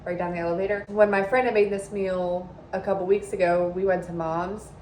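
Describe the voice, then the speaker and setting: A woman in her thirties chatting casually to her phone camera in a vlog, expressive and talkative. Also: on the low side, fairly quick, slight background noise. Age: 30s. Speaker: vlogger.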